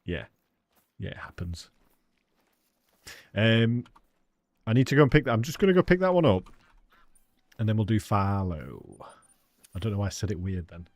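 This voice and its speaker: Chatty English male game streamer, low voice, dry close-mic home setup, lots of laughs. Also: animated, moderate pace, long pauses, no room sound. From England. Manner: chatty, laughs often, calls viewers mate. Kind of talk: casual live-stream chat. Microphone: studio dynamic microphone.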